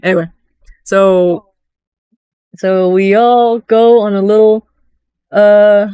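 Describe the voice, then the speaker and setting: A woman giving a casual, rambling recap of a video game, chatty and animated, often slipping into quick voices for the characters. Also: medium pitch, clear, resonant tone, no echo. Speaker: gaming vlogger.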